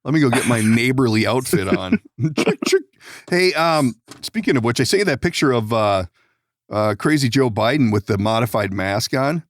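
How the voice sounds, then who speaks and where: A man hosting a podcast, telling rambling stories in casual chat, laughing often and swearing, with sudden hushed and excited turns. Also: medium pitch, normal speed, no room sound, studio quality. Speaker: podcast host.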